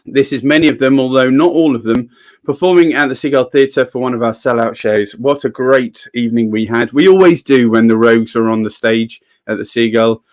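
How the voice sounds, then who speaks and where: A man's voice: mid-range voice, brisk, a little mellow. A man hosting a livestream in casual chat and reading viewers' comments aloud. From England. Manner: chatty, reads out viewer comments. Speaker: livestream host.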